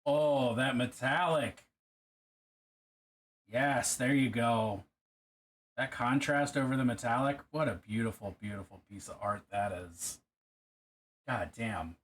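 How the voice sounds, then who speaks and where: A man's voice: medium pitch, takes it slowly, pauses often, a bit bright. Joking, swearing male streamer. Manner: profane, joking, talks to himself while working. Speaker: streamer painting miniatures. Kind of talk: casual live-stream chat.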